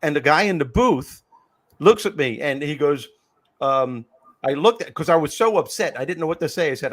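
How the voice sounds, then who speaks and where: Male podcast host, emphatic storyteller, a touch higher than most men. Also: lively intonation, normal speed, a bit bright. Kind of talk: podcast conversation.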